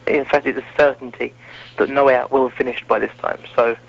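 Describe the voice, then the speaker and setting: A man's voice: medium pitch, steady tone, fast, gravelly. A man hosting a casual wrestling podcast, chatty and self-mocking. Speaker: podcast host. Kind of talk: casual chat. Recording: muffled lo-fi audio.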